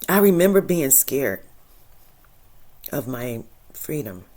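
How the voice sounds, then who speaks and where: A woman hosting her own spiritual channel, talking casually and with feeling, laughing often and swinging from soft to loud. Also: extremely low pitch, very animated, takes it slowly. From Michigan. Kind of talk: casual inspirational monologue.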